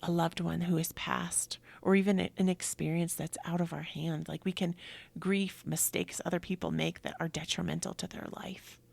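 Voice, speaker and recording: A middle-aged woman speaking in an earnest, reflective monologue as a yoga teacher and host, often sinking to a breathy near-whisper. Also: fairly low pitch, level tone, moderate pace, darkish tone.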